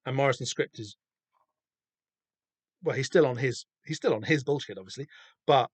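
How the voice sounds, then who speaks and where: A man with a Southern English accent hosting a podcast, chatting casually and excitedly about a comic, swearing freely and rambling with lots of fillers. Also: medium pitch, dry recording. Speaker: podcast host. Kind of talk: casual comic book discussion.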